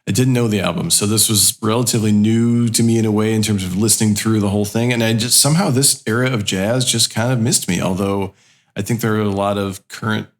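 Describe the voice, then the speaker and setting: A man's voice: lowish voice, fairly even intonation, fast talker. A man co-hosting a music podcast, giving a rambling, thoughtful opinion. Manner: thoughtful, rambling, many ums. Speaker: podcast co-host. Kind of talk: casual chat.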